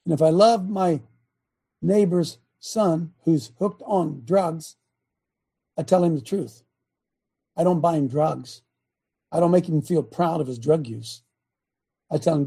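Gravelly older preacher man. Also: a little high, slow pace, pauses often. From Ohio. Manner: folksy, blunt, emphatic, shifts between loud and quiet. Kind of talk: sermon.

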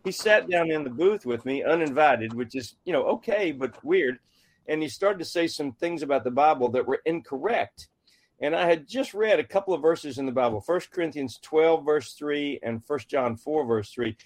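A man's voice: fairly high pitch, normal speed. A middle-aged man, an author and guest, telling stories in a folksy, conversational way and acting out what people said. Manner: folksy and animated, acting out quoted dialogue. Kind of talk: conversational storytelling.

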